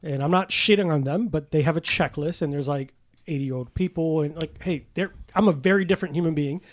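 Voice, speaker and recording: A man's voice: on the high side, a little fast. A middle-aged man, a weightlifter guest on a podcast, telling stories animatedly, swearing and laughing often. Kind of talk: casual podcast chat.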